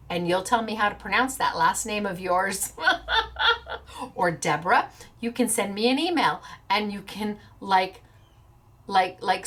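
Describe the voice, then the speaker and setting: Her voice sits mid-range with a fairly bright tone. She's hosting a craft show in a relaxed, chatty way, reading out the giveaway winners with playful bubbliness and giggling whenever a name trips her up.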